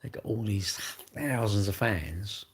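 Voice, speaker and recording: A man's voice: on the low side, unhurried. A middle-aged English man chatting casually on his own livestream, rambling and full of tag questions. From England. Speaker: livestream host.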